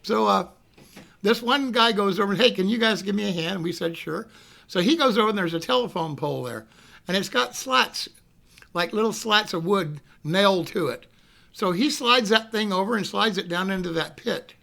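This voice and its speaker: A middle-aged man with a high, gravelly voice tells a rambling anecdote in a loose, casual way. His tone is very bright and sharp, and he keeps checking in with the listener while acting out the quotes loudly. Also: lively intonation, moderate pace. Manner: rambling, repeats "you know what I mean", acts out quotes loudly. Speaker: storyteller.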